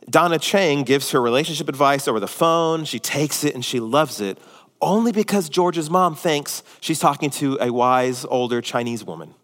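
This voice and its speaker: A man preaching a sermon as pastor, animated and acting out the voices of the people he quotes. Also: medium pitch, in a large hall.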